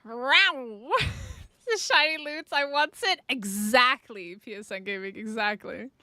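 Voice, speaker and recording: A woman's voice: a little high, a little slow, pushed and bright, no echo, studio quality. A woman streaming a survival game, chatting playfully with her viewers and laughing often. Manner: playful, giggly, chats with viewers. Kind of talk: casual live-stream chat.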